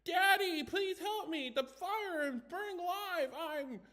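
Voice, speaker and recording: A man's voice: expressive, takes it slowly, pushed and bright, heavily acted. A man voicing a teenage boy who mockingly screams like a child trapped in a fire, in a storybook reading. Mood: mock screaming. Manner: shrill, taunting screams.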